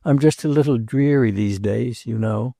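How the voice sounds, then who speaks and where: Give me a theatrical, wistful society wife, as a male narrator puts her on, soft and dry. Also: mid-range voice, moderate pace, gravelly, dry recording.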